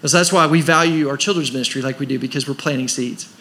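A man's voice: mid-range voice, fast talker, bright, forceful tone. A man preaching a sermon as pastor of a church, pressing his points with rhetorical questions and rising emphasis. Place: church service.

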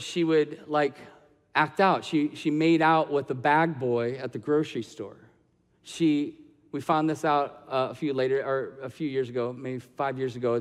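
A man's voice: a little high, long reverb tail. A man preaching a sermon, telling a personal story that builds into impassioned preaching. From Michigan. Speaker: pastor.

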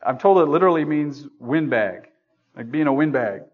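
A man's voice: a little high, animated, normal speed. Conversational male preacher, dull recording. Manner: conversational, asking the congregation questions; self-deprecating humor. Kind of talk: sermon. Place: church meeting room.

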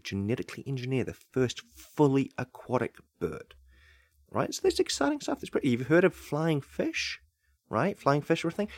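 A man with a New Zealand accent telling a deadpan comic monologue, chatty and conspiratorial, with many rhetorical asides. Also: medium pitch, dry recording.

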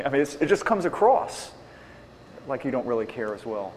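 Very animated and moderately paced, this medium-pitched man handles audience questions on evangelism during a Q&A talk. He restates each one, then answers in an earnest, plainspoken way, amid long hall reverb and faint noise.

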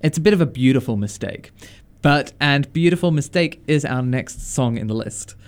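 A man's voice: medium pitch, lively intonation, moderate pace. A man co-hosting a radio chart show, chatty and self-mocking, laughing often. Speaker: radio co-host. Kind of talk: casual radio banter.

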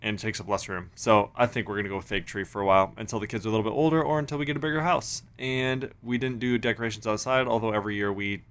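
A man's voice: on the low side, steady tone, fast talker, hardly any pauses, fairly bright tone. A man chatting casually as a podcast co-host, laid-back and full of fillers. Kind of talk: casual chat.

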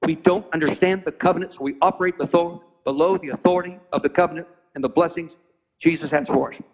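A man preaching as a guest, retelling a Bible story dramatically and acting out the characters with sudden high-pitched voices. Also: fairly even intonation, darkish tone, lo-fi sound. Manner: spells out and stresses Hebrew words slowly. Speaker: pastor being interviewed.

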